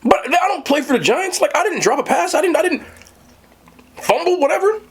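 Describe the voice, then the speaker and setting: An extremely high-pitched man talks fairly quickly as he hosts a mukbang, casually telling a story to his live chat. Animated, he addresses viewers directly, with slight background noise behind him.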